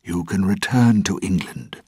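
Worried fatherly governor, urgent and pleading, raised in pitch above a very deep voice, husky and dry, as a man reads him. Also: a little slow, warm tone, dry recording. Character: worried middle-aged male colonial governor, a protective father.

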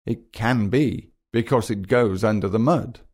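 A man voicing a calm, wise mother giraffe in a gentle storybook reading. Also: on the low side, a little slow. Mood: explaining.

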